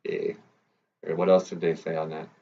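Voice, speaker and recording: A man's voice: low voice, flat delivery, normal speed, dark tone. A man hosting a casual language vlog, playful and joking as he teaches phrases. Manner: playful, joking, laid-back. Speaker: podcast host teaching Ojibwe phrases. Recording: dull lo-fi audio with faint guitar.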